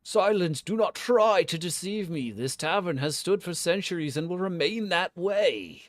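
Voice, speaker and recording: A man voicing a haughty, ancient male spirit cat who guards a tavern, reading game dialogue aloud with booming, imperious commands. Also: animated, normal speed, no echo. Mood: commanding.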